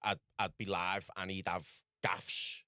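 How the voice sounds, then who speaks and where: Rambling Scouse lad telling a story. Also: male voice, low voice, level tone, unhurried, sharp tone, clean tone, no echo, studio quality. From Liverpool, England. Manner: rambling, full of "lad" and "do you know what I mean". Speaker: guest. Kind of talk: casual storytelling.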